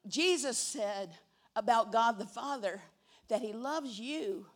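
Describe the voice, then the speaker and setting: A woman preaching a sermon, swinging from hushed whispers to loud, emphatic cries and repeating key words for emphasis. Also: fairly high pitch, animated, slow pace.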